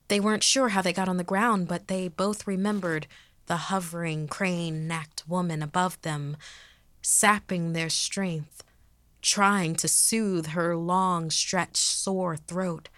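A woman host reading a ghost story aloud in a measured way, dropping to a whisper at eerie moments. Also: on the low side, steady tone, a bit bright, dry recording.

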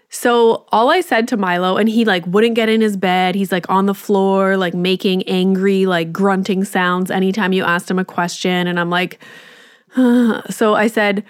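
A woman's voice: mid-range voice, steady tone, normal speed, clean tone, no echo, clean studio sound. Candid, swearing podcast host woman. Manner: candid, swears freely, lots of "like". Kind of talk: casual storytelling chat.

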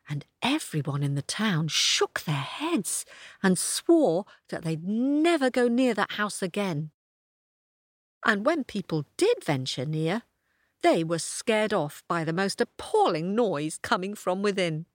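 A woman storyteller narrating a children's tale in an expressive, sing-song manner. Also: mid-range voice, takes it slowly, no room sound, studio quality. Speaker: storyteller host.

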